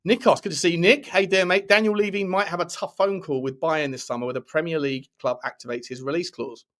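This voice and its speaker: A man's voice: a little high, steady tone, fast talker, fairly bright tone. A man hosting a casual football live stream, reading out chat messages and giving rambling, opinionated takes. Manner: chatty, opinionated, rambling with restarts.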